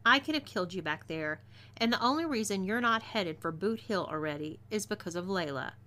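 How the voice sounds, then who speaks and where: A woman's voice: mid-range voice, lively intonation, fairly quick, sharp tone. Texan woman playing Zelia, a fiery female outlaw. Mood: bossy. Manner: bossy, threatening drawl.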